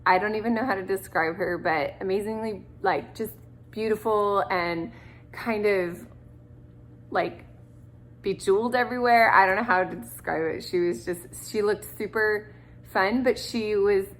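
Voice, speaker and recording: This woman in her thirties, an adoptive mother, tells stories to the camera in a loose, rambling way packed with fillers. Her voice sits at a medium pitch and moves at a moderate pace.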